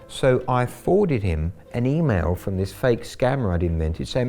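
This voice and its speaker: A man's voice: medium pitch, big pitch swings, normal speed, hardly any pauses, dark tone. A middle-aged man telling the story of baiting a scammer, in a wry, gleeful interview manner. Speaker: scambaiter.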